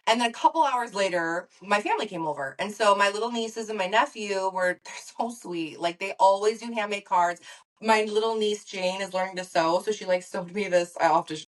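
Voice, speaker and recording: A woman's voice: mid-range voice, a little fast, far from the mic. A woman co-hosting a podcast, chatting casually and telling stories, acting out other people's lines and swearing casually. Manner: storytelling, acts out voices, swears casually. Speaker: podcast co-host. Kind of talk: casual chat.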